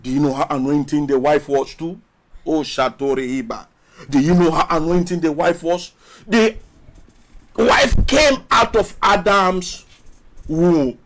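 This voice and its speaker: A male pastor preaching a sermon emphatically, repeating phrases and drawing out his words between pauses. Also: sits high, a bit bright. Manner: emphatic preaching with long pauses and rising calls.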